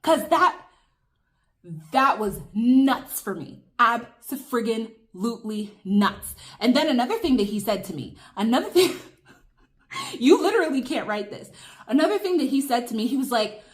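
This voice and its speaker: A woman's voice: fairly high pitch, big pitch swings, moderate pace. A young woman telling viewers an emphatic, chatty story over a meal in a casual vlog. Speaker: vlogger. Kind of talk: casual storytime while eating.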